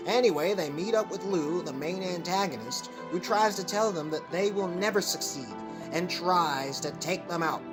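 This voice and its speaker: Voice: mid-range voice, close to an everyday voice. A performer voicing a dry, sarcastic male clay-animation figure who reviews movies. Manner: deadpan, sarcastic.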